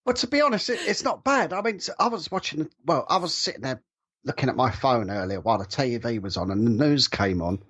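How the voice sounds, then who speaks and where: Husky English man, lively and teasing. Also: mid-range voice, brisk. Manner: chatty, teasing. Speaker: podcast guest. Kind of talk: casual podcast chat.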